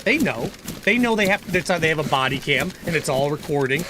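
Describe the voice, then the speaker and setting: A man talks casually on a livestream in a fairly high voice. He is earnest and opinionated, and he circles back and restarts his sentences. Steady game noise sits clearly under his speech. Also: brisk. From United States. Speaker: gaming livestreamer and lawyer.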